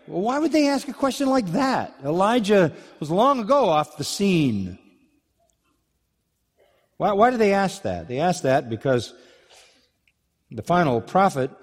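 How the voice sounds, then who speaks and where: A man's voice: fairly high pitch, long reverb tail. A man preaching an expository sermon, emphatic, asking rhetorical questions and restarting phrases. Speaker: pastor.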